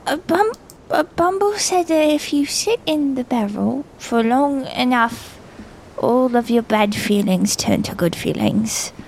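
A woman with a high voice playing in a tabletop game. She talks slowly, in a sweet and dreamy way. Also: expressive, creaky, darkish tone, slight background noise. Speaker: player. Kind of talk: casual role-play chat.

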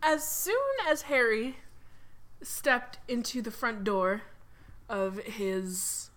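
A woman's voice: a little high, expressive, slow, a bit bright. A young woman co-hosting an improvised podcast, retelling a story with teasing humor and frequent hesitations. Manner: giggly, teasing, hesitant with fillers. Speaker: podcast co-host.

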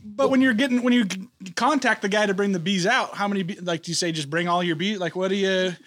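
Fast-talking high-voiced man. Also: steady tone, fairly bright tone. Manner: rapid, filler-heavy questioning. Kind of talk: casual chat.

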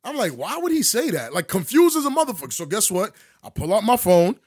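High, husky man telling a wild story. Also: fast talker, no room sound, clean studio sound. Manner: animated, acts out dialogue with big pitch jumps; profane street slang. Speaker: podcast co-host telling a story. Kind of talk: casual storytelling chat.

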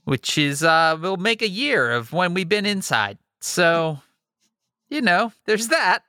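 A man co-hosting a podcast with a playful, chatty manner. His voice is bright and forceful, and his pitch swings widely. He talks at an unhurried pace, recorded dry with no room sound. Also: sing-song, clear, resonant tone, dry recording. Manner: playful, chatty, mock-upbeat. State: scratchy throat. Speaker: podcast co-host. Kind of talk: casual podcast chat.

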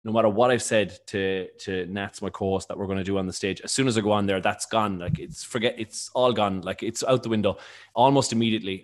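A man from County Limerick with a mild Irish accent, a radio presenter answering interview questions in a rambling, quick, self-correcting way. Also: on the low side. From Ireland, County Limerick. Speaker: radio presenter and stage co-host.

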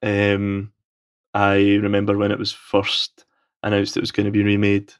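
A man's voice: on the low side, monotone, normal speed, smooth. A Scottish man from Scotland leaving an enthusiastic, rambling call-in question for a podcast. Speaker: caller. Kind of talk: recorded voicemail question.

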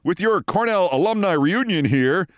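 A man's voice: sits high, animated, normal speed, dry recording, studio quality, pitched above the performer's own voice. A man putting on the voice of a genteel, old-fashioned male TV producer, courtly and folksy. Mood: breezy.

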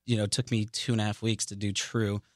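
A man in his forties, a singer-songwriter guest, chatting in a relaxed way with lots of fillers. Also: lowish voice, fast talker, dry recording, clean studio sound. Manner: relaxed, chatty, many fillers like "you know". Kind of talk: casual interview chat.

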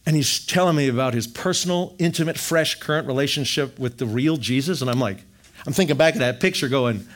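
A middle-aged man from Wisconsin telling his faith story in an animated, jokey storytelling manner. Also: medium pitch, fairly quick. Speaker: speaker sharing testimony. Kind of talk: storytelling testimony talk.

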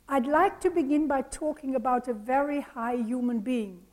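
An older woman leading a retreat, giving a lecture in a measured way with pauses and fillers. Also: high voice, a little mellow, poor audio. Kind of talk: lecture with a story read aloud.

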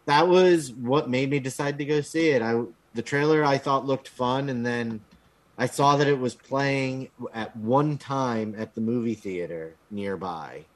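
A man's voice: mid-range voice, unhurried. A man in casual podcast chat, reviewing a film bluntly with frequent ums and swearing. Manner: hesitant, lots of ums, blunt and profane.

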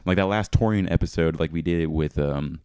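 A man's voice: rumbling low, brisk, dark tone, clean tone, no room sound, studio quality. An American man hosting a podcast, chatting in a laid-back way with lots of fillers and agreement. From United States. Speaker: podcast host. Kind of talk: casual chat.

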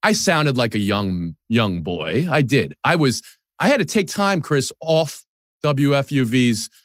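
40s guy from the new york area, sports tv host, candid and quick, dry close mic. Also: medium pitch, sing-song, no echo. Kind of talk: podcast conversation.

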